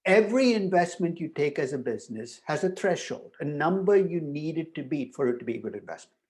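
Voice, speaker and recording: An older male professor giving a university lecture, emphatic and animated, often restarting his sentences as he thinks aloud. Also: fairly high pitch, a little fast.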